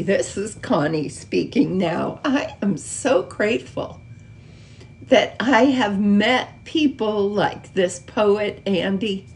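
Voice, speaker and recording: A woman leading a guided meditation and spiritual talk in a slow, soft, soothing way. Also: medium pitch.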